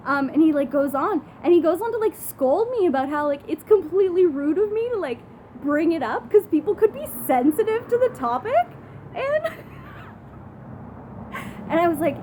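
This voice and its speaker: A woman's voice: high voice, sing-song, fairly quick, dark tone. A young woman vlogging outdoors, telling a story in a chatty, giggly way with lots of "like". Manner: chatty, giggly, heavy use of "like". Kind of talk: casual storytelling vlog. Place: outdoors outside a brewery. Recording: noisy outdoor phone recording. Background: passing cars.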